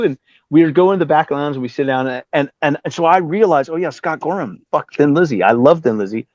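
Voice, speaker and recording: A man's voice: fairly high pitch, expressive, a little fast, a little mellow, dry recording. A middle-aged man from Southern California, a musician telling a story in a casual interview, swearing freely and acting out the voices of other people. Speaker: musician guest. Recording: slightly dull, dry sound.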